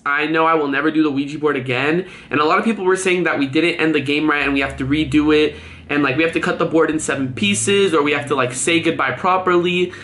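A young man with a Californian accent vlogging casually, excitable and full of "like". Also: a little high, roomy sound, slight background noise. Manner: excitable, says "like" a lot, gets scared and loud. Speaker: YouTube vlogger. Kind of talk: casual vlog talk. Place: room at home.

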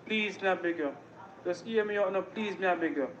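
A man's voice: sits high, a little fast, roomy sound, highs cut off, slight background noise. A Jamaican man leaving a voice message, begging the host again and again to connect him with a lady. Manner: begging, repetitive. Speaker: caller.

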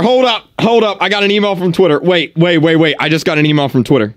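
A young man streaming live, overjoyed and repeating the same excited exclamations again and again. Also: fairly high pitch, fast, hardly any pauses, dry recording, clean studio sound, soft background music. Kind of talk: live gaming stream reaction.

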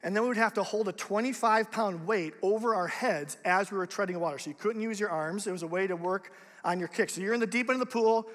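Young male youth pastor, conversational and lively, high-pitched, recorded in a reverberant auditorium. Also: fast. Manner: casual, animated, conversational preaching. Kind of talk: youth sermon. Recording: long reverb of a large hall.

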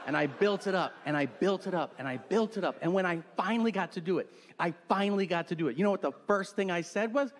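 A man performs a crude stand-up set, storytelling with big acted-out quotes. His voice sits somewhat high and rings out in a reverberant hall, with steady noise underneath. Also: quick pace. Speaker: stand-up comedian. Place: comedy venue stage with audience. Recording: live stage with long reverb and hum.

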